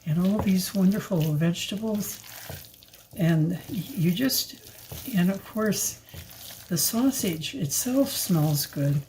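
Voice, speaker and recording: Older woman, warm low-key voice, slow and rambling, showing a recipe in her kitchen. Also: slight background noise, rough recording. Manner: chatty, rambling, with fillers and asides. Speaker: home cook filming a recipe video. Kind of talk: casual cooking demonstration. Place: home kitchen.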